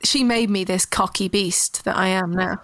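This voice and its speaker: A woman's voice: medium pitch, steady tone, normal speed, fairly bright tone, dry recording. Frank woman, dry close mic. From Britain. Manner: frank, earthy, vivid storyteller. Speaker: guest, writer. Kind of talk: candid personal storytelling.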